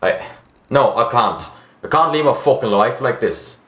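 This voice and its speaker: A man's voice: mid-range voice, lively intonation, normal speed, a bit bright, reverberant, lightly acted. A man putting on a swearing Australian widower. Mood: bitter. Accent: put-on Australian. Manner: swearing, despairing, calls everyone mate. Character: grieving foul-mouthed widower man, Australian.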